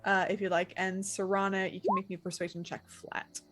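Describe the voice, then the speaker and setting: A young woman narrating as a tabletop game master, casual and full of fillers and quick asides. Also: mid-range voice, little pitch movement, soft background music.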